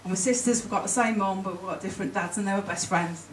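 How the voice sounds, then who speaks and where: A woman giving an emotional, chatty conference talk, with halting restarts. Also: mid-range voice, a little hiss or hum. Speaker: conference speaker. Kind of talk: presentation to an audience. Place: conference hall. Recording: roomy hall, mic from a distance. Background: faint room ambience.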